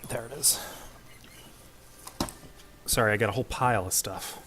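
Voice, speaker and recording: A man running a tabletop game as game master, laid-back, laughing easily, and giving quick rulings. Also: lowish voice, sharp tone, slight background noise.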